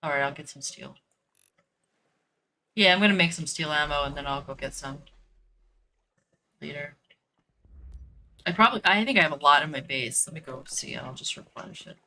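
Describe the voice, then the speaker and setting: A woman's voice: low voice, moderate pace, long pauses, bright, forceful tone, slight background noise, low-quality recording. A woman who works as a dog trainer, chatting casually and thinking aloud while she plays a game, with lots of "like" and "you know" fillers. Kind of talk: casual chat while gaming.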